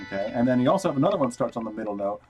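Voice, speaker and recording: In a casual livestreamed guitar lesson, a man explains technique step by step and counts notes aloud as he plays. His medium-pitched voice is expressive and racing, with a lo-fi sound. He wears headphones and uses a wired mic, with guitar playing in the background.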